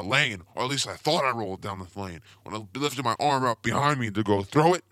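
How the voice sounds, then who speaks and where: A man's voice: mid-range voice, sharp tone, no echo, studio quality. A young man hosting a podcast, telling rambling goofy stories in a casual comedic monologue. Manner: rambling, goofy, self-promoting storyteller. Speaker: podcast host.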